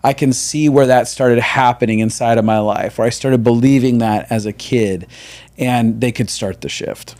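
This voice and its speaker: A man hosting a podcast, talking earnestly in a reflective conversation and often restarting his sentences. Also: mid-range voice. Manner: earnest, halting restarts, animated when retelling others. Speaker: podcast host.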